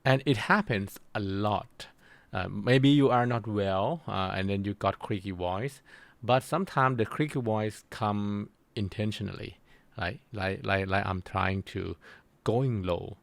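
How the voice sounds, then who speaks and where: A man giving a recorded university lecture, explaining slowly and pausing often to search for his words. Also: fairly low pitch, gravelly, no echo. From Thailand. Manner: slow, halting explanation with frequent pauses to search for words.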